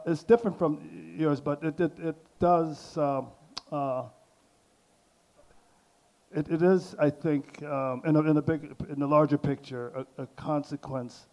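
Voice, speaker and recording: Gravelly, halting older man on a panel. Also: a little high, a little mellow. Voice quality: halting, many restarts and fillers. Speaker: artist on a panel. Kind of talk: hesitant panel talk.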